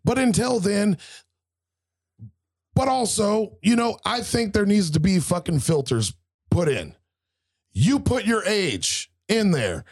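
A man in his thirties with a somewhat high voice vents on a casual talk show. He curses constantly and slips into quoted exchanges as he rants. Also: sing-song, takes it slowly, long pauses, slightly rough. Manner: heated, swears constantly, acts out quotes. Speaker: podcast co-host. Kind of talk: casual profane rant.

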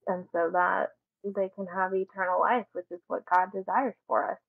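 Gravel-edged woman on a remote call. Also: medium pitch, level tone, moderate pace, dry recording, narrow, tinny audio. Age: adult with a daughter. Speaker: author and guest. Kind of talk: remote interview conversation. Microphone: headphones on a call.

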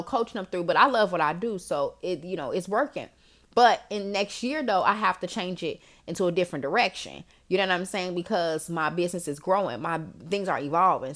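A young woman hosting a podcast and coaching listeners in a casual, animated, slangy monologue with frequent laughter. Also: medium pitch. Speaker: podcast host and life coach.

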